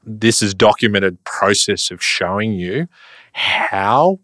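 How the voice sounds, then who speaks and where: Man, earnest reflective talk, lower voice, dry recording. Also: lively intonation, slow, dry recording. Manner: earnest, reflective, warms up when recalling family moments. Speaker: podcast guest. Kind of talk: conversational storytelling.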